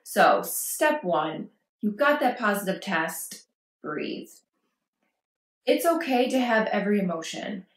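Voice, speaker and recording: A woman's voice: mid-range voice, sing-song, takes it slowly. A woman vlogging parenting advice, talking casually and reassuringly to camera and acting out worried quotes. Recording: echoey room.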